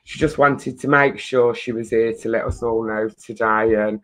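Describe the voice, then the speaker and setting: A woman's voice: a bass voice, animated, normal speed, few pauses, fairly bright tone. A woman with an English accent hosting a casual live-stream chat, talkative and emotional. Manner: chatty, emotional, swears lightly. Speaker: host.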